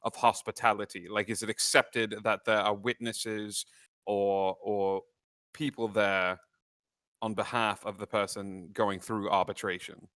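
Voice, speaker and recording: A man's voice: on the low side, flat delivery, a little slow, a bit bright, no room sound. A man playing a tabletop game, talking through plans with many hesitations. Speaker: player. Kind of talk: casual tabletop play.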